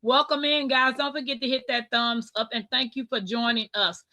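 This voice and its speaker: A woman's voice: on the high side, fairly even intonation, moderate pace, pushed and bright. A woman hosting a casual live chat, talking easily and reading viewer comments aloud. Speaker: livestream host.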